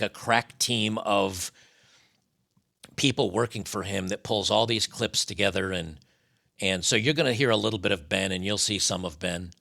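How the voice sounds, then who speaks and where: A man's voice: on the low side, gravelly, bright, forceful tone. A man hosting a live stream with casual political commentary, blunt, profane and mocking.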